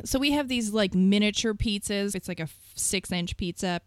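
A woman's voice: medium pitch, normal speed, clean tone, no echo. A young woman in casual chat, telling stories about her work as a store manager and acting out callers with a sugary, mocking voice. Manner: animated, mimics callers in a sugary voice.

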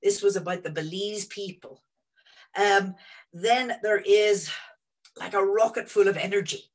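A woman in her sixties, a guest telling students about her career in an animated, rambling way from home over a video call. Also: medium pitch, a little slow, poor audio. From Northern Ireland. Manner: animated and rambling, many restarts. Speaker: interview guest, energy executive. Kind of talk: reflective storytelling to students.

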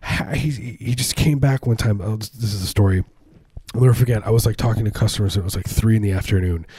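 A man's voice: fairly low pitch, fast talker, dark tone, breathy edge, no room sound. A man chatting casually as a co-host, rambling through stories with many restarts and acted-out quotes. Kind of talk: casual comedic chat.

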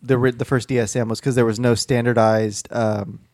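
A man's voice: medium pitch, level tone, moderate pace, darkish tone, no echo. A man who works in mental health, co-hosting a casual group chat and explaining things in a rambling way with lots of fillers. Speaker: podcast co-host, mental health professional.

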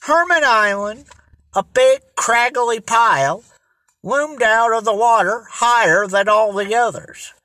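An audiobook narrator reading a children's mystery at a slow, even pace. The voice is bright and close to the mic, in a dry, dead room. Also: medium pitch, dry recording. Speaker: audiobook reader.

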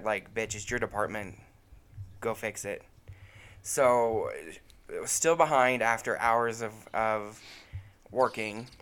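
Male podcast co-host, smooth resonant mid voice, swears, rambles with ums. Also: mid-range voice, a bit bright. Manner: profane, heated storytelling, often trails off with fillers. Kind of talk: casual chat.

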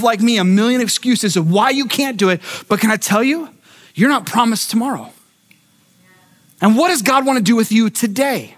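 Guy pastor preaching, higher voice, acts out the story, stumbles and repeats words. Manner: animated storytelling, acting out voices; repeats words when starting thoughts. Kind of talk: sermon.

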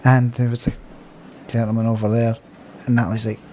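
A man's voice: medium pitch, little pitch movement, fairly quick, warm tone, a little hiss or hum. A Scottish man, a podcast co-host, telling stories in casual chat, laughing and swearing freely.

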